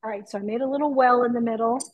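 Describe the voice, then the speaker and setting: A middle-aged woman chatting excitedly from her home kitchen over a video call, through earbuds. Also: fairly high pitch, racing, no echo, narrow, tinny audio. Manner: chatty, excitable, laughs easily. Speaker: guest.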